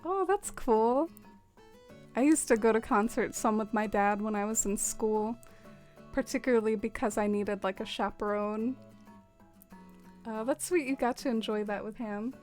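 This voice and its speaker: A young woman streamer chatting casually with her viewers as she decorates, full of "like" and quick laughs. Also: mid-range voice, fairly even intonation, darkish tone, soft background music. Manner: chatty, many fillers, laughs often. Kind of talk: casual livestream chat with viewers.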